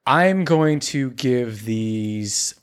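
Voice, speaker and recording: A relaxed man hosts a podcast and chats through the music clips at a middle pitch. He fills his talk with likes and ums and keeps it casual and friendly between friends. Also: extremely slow, clear, resonant tone. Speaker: podcast host.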